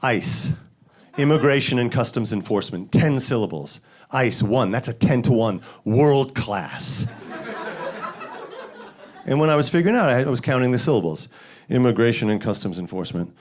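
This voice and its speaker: A man from the Bronx, performing a stand-up comedy set with deadpan setups and sudden loud punchlines. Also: mid-range voice, normal speed. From the Bronx, New York. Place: comedy stage with live audience.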